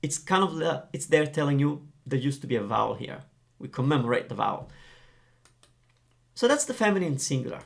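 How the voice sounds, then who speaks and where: A man teaching Italian grammar, explaining in a lively, playful way. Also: a little high, fairly quick, gravelly.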